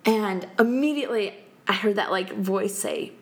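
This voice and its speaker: Woman in her 30s telling a story on a podcast, lots of laughs, kinda gravelly fry. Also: mid-range voice, normal speed. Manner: animated, laughs often, acts out quotes. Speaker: podcast guest. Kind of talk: casual storytelling chat.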